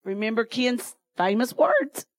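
A woman preacher tells a story from the pulpit in a folksy way, often breaking into laughter. Her voice sits fairly high for a woman. The recording is close and dry, with no room echo. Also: wildly swooping pitch, measured pace. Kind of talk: sermon testimony.

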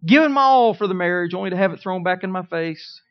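A man preaching a sermon, telling a personal story in a folksy way, swinging from quiet asides to emphatic declarations. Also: high-pitched, animated, quick pace, muffled recording. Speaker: pastor.

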